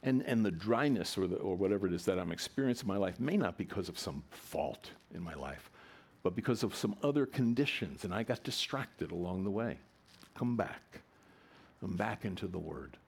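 Husky, animated male preacher. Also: a little fast. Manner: animated, swings between loud emphatic lines and soft low ones. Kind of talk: sermon.

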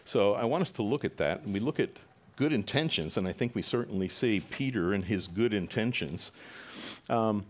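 Male pastor, lowish voice, chatty sermon delivery that livens up when quoting others. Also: animated, moderate pace. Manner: conversational preaching, acts out quoted voices with rising animation.

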